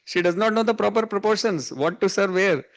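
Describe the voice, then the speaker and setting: A man's voice: high voice, a little fast. A man with an Indian English accent telling a story during a spiritual class, chuckling often and mixing in Hindi words. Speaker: spiritual teacher. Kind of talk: storytelling sermon. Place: evening class.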